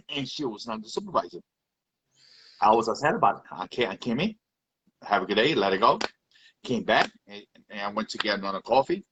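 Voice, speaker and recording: A man's voice: fairly low pitch, very animated, brisk, long pauses, fairly bright tone, slight background noise, rough recording. A man giving a heated, repetitive rant on a live video. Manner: heated, repetitive, swears often. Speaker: live video chat participant.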